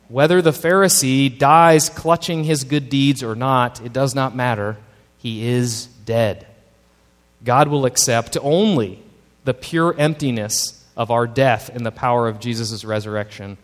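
A man's voice: medium pitch, steady tone, measured pace. A male pastor preaching a sermon, emphatic and stretching key words as he builds lists. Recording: long hall reverb.

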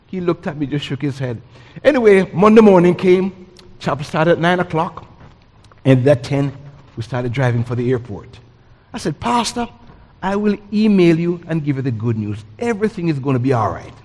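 Animated preacher in a hall. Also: male voice, on the high side, normal speed. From Jamaica. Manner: animated storytelling, acts out voices and sounds. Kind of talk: sermon.

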